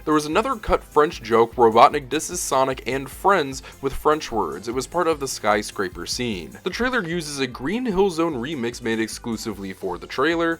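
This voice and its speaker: Male host reading a scripted video essay, mid-pitched, wry and scoffing, over faint music. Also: a bit bright. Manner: sarcastic, incredulous. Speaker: YouTube host.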